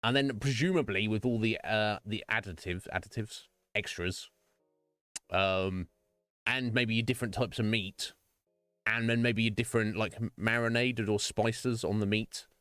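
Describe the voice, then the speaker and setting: Low-voiced rambling male streamer. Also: fairly bright tone, no room sound. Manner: rambling and self-interrupting, swears casually. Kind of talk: casual live-stream chat. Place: home streaming setup.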